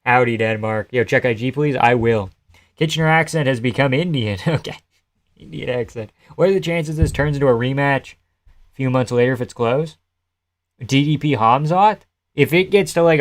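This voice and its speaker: A man streaming live, chatting loosely and answering his viewers' messages, with the odd curse. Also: mid-range voice. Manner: loose, rambling, profane, answers chat messages. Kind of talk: casual live-stream chat reacting to a fight card.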